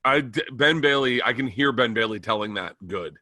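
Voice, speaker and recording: A man with a bright, forceful mid-pitched voice, recorded close and dry. He rambles through a story in casual podcast talk, restarting his sentences as he goes. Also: expressive, normal speed, dry recording. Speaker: podcast co-host. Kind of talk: casual chat.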